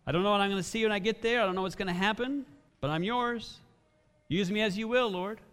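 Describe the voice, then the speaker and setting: An earnest young shepherd, humble yet bold, as a man preaching puts him on. The voice is high and bright, in a reverberant hall. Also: fast talker, clean tone.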